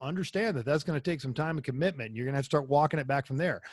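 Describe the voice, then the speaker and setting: A man's voice: a little high, very fast, no echo, studio quality. A man co-hosting a casual racing podcast, rambling and jokey, often repeating words. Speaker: podcast co-host. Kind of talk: casual chat.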